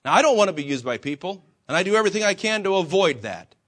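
Here a pastor preaches quickly in a high, sing-song, fairly bright voice. Before fellow believers he swings his emphasis and raises rhetorical questions, voicing quotes from himself and from the Lord.

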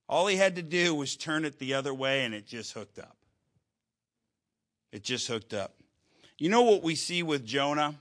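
A man preaching a sermon, telling a story with halting restarts and wry humor. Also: medium pitch, bright, forceful tone.

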